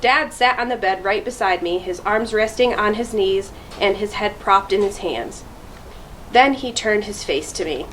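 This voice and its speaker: A woman reading a children's chapter book aloud to students, in a clear, steady storytelling voice. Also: mid-range voice, measured pace, a little hiss or hum, rough recording. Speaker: school deputy reading aloud.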